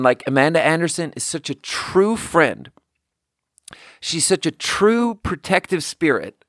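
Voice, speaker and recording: With a fairly high-pitched voice, this man, a bar manager who hosts a podcast, rambles through a casual story packed with fillers. He's animated and performs the quoted lines himself. The audio is studio quality with no echo.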